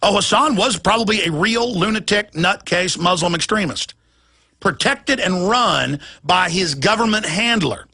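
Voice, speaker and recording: A man hosting a talk show, ranting in an agitated monologue and often shouting, with repeated words. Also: high voice, lively intonation, unhurried, breathy edge. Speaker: radio talk show host.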